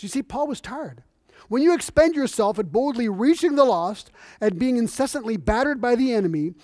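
A middle-aged man preaching a sermon in a church, in a conversational, animated storytelling manner. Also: very high voice, no room sound, studio quality. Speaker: visiting missionary preacher.

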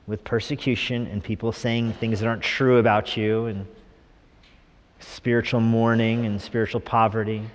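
A middle-aged man preaches from the front of a church sanctuary, mixing scripture with wry, animated humor and quick put-on voices. His voice sits at an ordinary pitch for a man. The sound carries a long reverb from the hall around him. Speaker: pastor. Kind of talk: sermon.

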